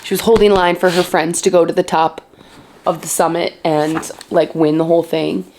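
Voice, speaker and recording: A young woman excitedly reacting to a novel as she reads it in a casual vlog. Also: lowish voice, normal speed, a little hiss or hum. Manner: gushing, excitable reactions to a book. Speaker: book vlogger. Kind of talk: casual reading vlog commentary.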